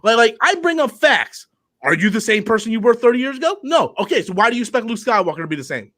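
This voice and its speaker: Young guy with a high voice going off on a live stream, cussing a lot, tripping over his words. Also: sing-song, fast talker, sharp tone. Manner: heated, profane ranting with stammered repeats. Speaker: show host. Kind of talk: live online discussion.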